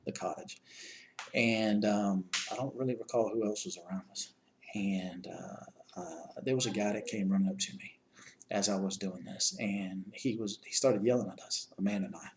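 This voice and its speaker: A man's voice: on the low side, slight background noise, poor audio. A man earnestly retelling a rescue to the person he helped save, stopping and restarting often and repeating words. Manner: earnest, plain-spoken. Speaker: eyewitness recounting a rescue.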